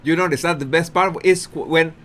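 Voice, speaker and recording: A man's voice: a little high, fairly even intonation, a little fast, fairly bright tone. A man hosting a commentary channel, breaking down a talk-show clip in an emphatic way, repeating words and laughing at his own points.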